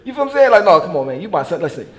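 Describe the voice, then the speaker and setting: A man telling stories in casual, profane conversation, animated and laughing as he goes. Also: high-pitched, very fast. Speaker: artist being interviewed. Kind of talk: casual storytelling chat.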